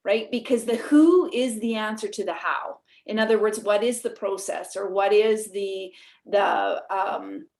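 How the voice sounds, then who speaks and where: A woman with a Canadian accent, talking animatedly as a guest in a podcast interview, laughing often. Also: on the high side. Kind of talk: casual interview.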